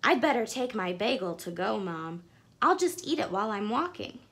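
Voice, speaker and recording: A woman's voice: mid-range voice, very animated, moderate pace, a bit bright, breathy edge, heavily acted. A woman voicing an eager, chatty young schoolboy in a children's storybook reading.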